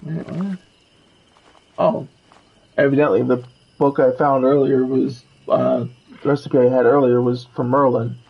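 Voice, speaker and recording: A man's voice: mid-range voice, steady tone, measured pace, creaky, pauses often, slightly rough, lo-fi sound. A man streaming a game with casual commentary. He reads the quest text and the characters' lines aloud.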